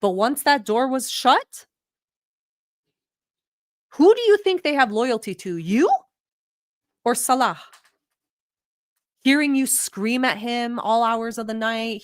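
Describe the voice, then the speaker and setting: A woman's voice: a little high, no echo, studio quality. Blunt, swearing woman reacting to a video. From Middle East. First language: not English. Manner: blunt, profane, animated. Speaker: vlog host. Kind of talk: reaction commentary.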